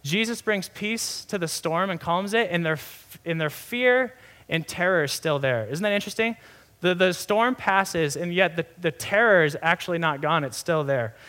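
A man's voice: sits high, normal speed, bright, forceful tone. A young adult man giving a sermon in a conversational, earnest way, often restarting phrases and saying "like". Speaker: pastor.

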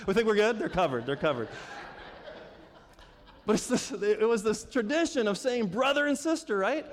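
A man's voice: sits high, lively intonation, normal speed, pauses often. A man preaching a conversational sermon as pastor, asking the congregation questions and laughing often. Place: church sanctuary. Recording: long reverb of a church hall.

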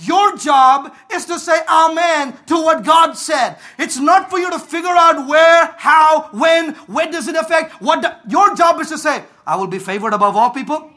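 A man preaching with a very high, ringing voice. He builds to fervent shouts and keeps prompting the congregation to answer back. His tone stays bright and cutting throughout the sermon. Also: measured pace, few pauses. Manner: fervent, rises to shouts and calls for congregation responses. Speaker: pastor.

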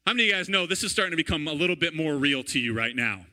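A man in his thirties preaching a sermon in a lively, conversational way, often checking in with "right?". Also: a little high, fast, few pauses. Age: 30s. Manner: animated, conversational, repeats "right?" and "all right?". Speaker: pastor.

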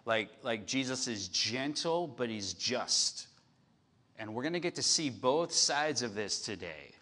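Guy preaching outdoors, gets loud on the scripture then goes soft and personal, mid-pitched voice. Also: measured pace. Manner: animated, swings from loud reading to soft confiding. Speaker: pastor. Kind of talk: sermon. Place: outdoor patio church service.

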